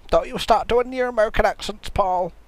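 A man voicing a cranky, crude elderly father with a gravelly, fussy, deadpan manner, improvising comedy over a video game. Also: sits high, brisk, no echo, close to an everyday voice. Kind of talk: improvised comedy gaming commentary.

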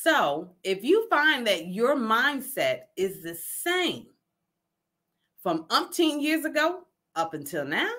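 Bright, emphatic middle-aged woman host. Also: fairly high pitch, slow pace. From New Jersey. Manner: folksy and emphatic, often checks in with "okay?"; laughs often, lively asides. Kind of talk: casual motivational talk.

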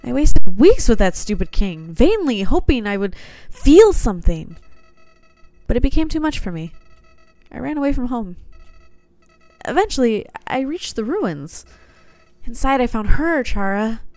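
A woman reads game dialogue aloud in a slightly theatrical put-on voice for a sinister, soulless talking flower, cold and manipulative, sounding coldly confiding. She pitches above her own voice into a sing-song, higher register, measured and mellow, with no echo.

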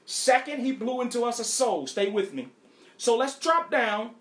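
A woman pastor teaching a Bible study in an animated way, asking rhetorical questions and spelling out words. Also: on the high side, moderate pace, roomy sound.

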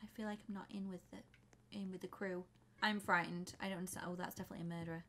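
A young woman giving flustered, excitable commentary while playing a game, often breaking into screams. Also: mid-range voice, fast talker, soft background music. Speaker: gaming YouTuber. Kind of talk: let's play commentary.

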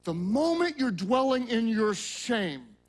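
A male pastor preaching a sermon, acting out Bible scenes in voices and dropping to a low hush at solemn moments. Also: big pitch swings, slow pace.

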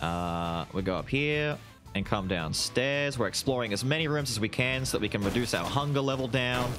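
A young man talks through a game run with constant excitement, and his pitch swings widely as he reacts. He throws "dude" into nearly every thought. Soft game music plays faintly underneath. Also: moderate pace. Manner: excitable, exclamatory, says "dude" often. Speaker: gaming video host. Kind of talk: excited gameplay commentary.

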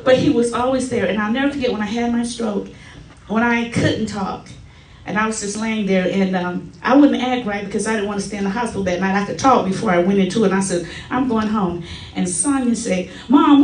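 Recorded at a distance in a reverberant church sanctuary, a church member in middle age pays tribute through personal testimony. Her voice sits on the high side, and she animates her anecdotes by performing the quoted lines.

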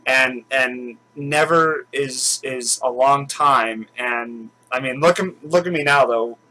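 A man's voice: mid-range voice, takes it slowly, pushed and bright, low-quality recording. A man hosting his own channel at home, chatting casually and rambling with lots of fillers and restarts. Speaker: channel host. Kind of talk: casual chat.

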